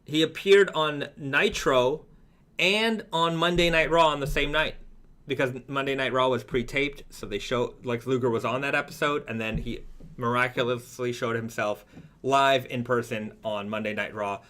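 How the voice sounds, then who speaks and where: A Canadian man with a Toronto accent co-hosts a brand's live stream, chatting casually and reading out viewer comments. His medium-pitched voice has a sharp tone at a moderate pace, and he rambles with many fillers and restarts.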